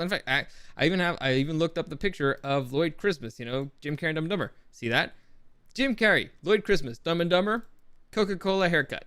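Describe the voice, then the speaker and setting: A man's voice: on the high side, expressive, fast, a bit bright, clean tone, dry recording, studio quality. Chatty man hosting a gaming commentary show. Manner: chatty, rambling, frequent self-corrections. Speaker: show host.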